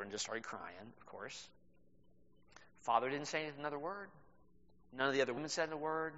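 A man preaching a sermon as pastor, telling a story with animated delivery and laughs. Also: mid-range voice. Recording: reverberant hall, dull sound.

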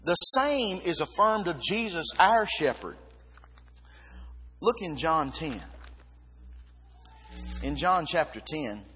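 A man preaching a sermon, reading scripture and repeating key words with emphasis, pausing between short phrases. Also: on the high side, pushed and bright, breathy edge. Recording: long hall reverb.

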